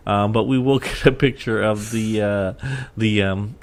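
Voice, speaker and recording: Deadpan teasing male podcast co-host. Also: lowish voice, unhurried. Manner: dry teasing, deadpan jokes. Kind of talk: casual chat.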